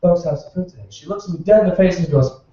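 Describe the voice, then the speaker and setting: Sarcastic bartender comic, high voice, echoey bar. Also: male voice, fast talker, warm tone. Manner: sarcastic storytelling with profanity. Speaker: stand-up comedian, bartender. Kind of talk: stand-up comedy set. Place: small bar at an open-mic comedy night. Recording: echoey bar room, distant dull mic.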